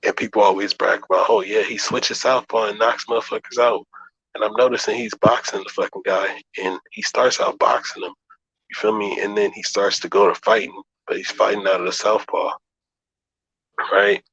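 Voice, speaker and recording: A man's voice: on the low side, steady tone, moderate pace, creaky, a bit bright, muffled recording. A man hosting a casual boxing debate, emphatic and swearing freely as he breaks fights down.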